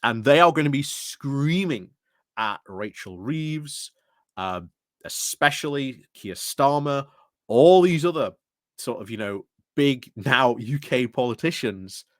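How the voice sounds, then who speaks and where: A man's voice: medium pitch, expressive, slow pace, no echo, clean studio sound. A man hosting a commentary channel, explaining things in a rambling casual way with many fillers and restarts. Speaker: political commentary channel host.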